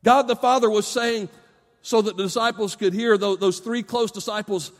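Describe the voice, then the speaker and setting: A middle-aged man preaching in a big church, his fairly high voice ringing with long reverb. He talks straight to the parents in the pews, pressing hard on key words, then dropping low and quiet. His delivery is earnest and personal. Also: steady tone, moderate pace. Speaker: pastor. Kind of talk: sermon. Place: church sanctuary.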